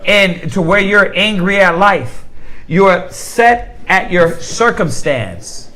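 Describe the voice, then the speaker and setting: A man's voice: high voice, expressive, slow, sharp tone, poor audio. A man leading a casual Bible class, talking informally and often asking the group "right?". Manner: conversational, asks the group rhetorical questions; informal slang, repeats words as he restarts.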